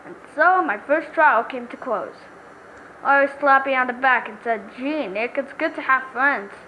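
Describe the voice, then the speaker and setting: Lady voicing a young lawyer guy from a game, earnest and dramatic, high pitched. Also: pushed and bright, a little hiss or hum, rough recording.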